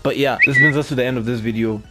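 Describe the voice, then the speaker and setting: A young man giving casual gameplay commentary, excitable and swearing when things go wrong. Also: mid-range voice, fast, heavy background noise. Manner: excitable, swears and rants loudly when losing. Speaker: gaming YouTuber. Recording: music playing behind the voice.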